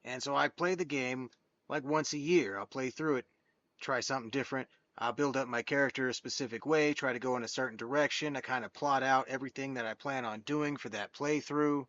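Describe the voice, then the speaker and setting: A man's voice: medium pitch, brisk, a bit bright, no room sound, dull audio. A man in his thirties hosting a gaming channel, giving a chatty, candid game review monologue. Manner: chatty and candid, with many fillers and restarts.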